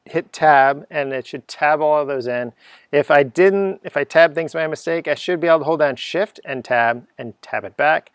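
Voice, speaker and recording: A man's voice: fairly high pitch, clean tone, no room sound, studio quality. A middle-aged man giving an unscripted coding lesson, chatty and thinking aloud, humming little sound effects as he types. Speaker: coding teacher.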